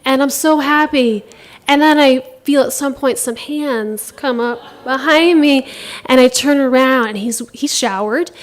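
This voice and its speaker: A woman's voice: high voice, measured pace. A woman telling a first-person story on a theater stage into a microphone, wry and laughing at herself.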